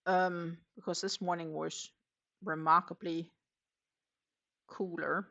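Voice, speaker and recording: A woman with a low, gravelly voice that still has a bright, sharp edge chats casually on a live crochet stream. She rambles from one thought to the next and answers viewers' comments as she works. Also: little pitch movement, takes it slowly, lo-fi sound. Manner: chatty, rambling, reads viewer comments aloud. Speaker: crochet livestream host. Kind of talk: casual chat while crocheting.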